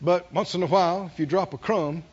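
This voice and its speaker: A man preaching a sermon, calling on the congregation to answer, dropping to near whispers and rising to loud peaks. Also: high-pitched, fairly quick, dull audio, slight background noise. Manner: call-and-response preaching, swinging from hushed to loud. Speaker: pastor.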